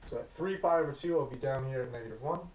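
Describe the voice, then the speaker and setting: A man's voice: medium pitch, rapid-fire, slight background noise. A man teaching math at a whiteboard, talking casually and thinking aloud as he works, correcting himself along the way. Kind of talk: whiteboard lecture. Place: classroom. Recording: echoey classroom, far from the mic, dull.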